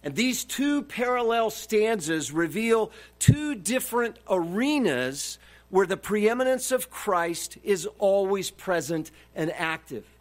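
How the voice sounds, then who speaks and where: A man's voice: high voice, lively intonation, slow pace. A man preaching a sermon, emphatic and repeating his key phrases for stress. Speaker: pastor.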